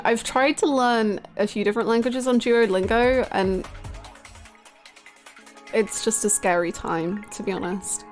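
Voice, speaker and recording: A young Australian woman chatting casually with viewers on a live stream, bubbly and quick to laugh. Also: mid-range voice.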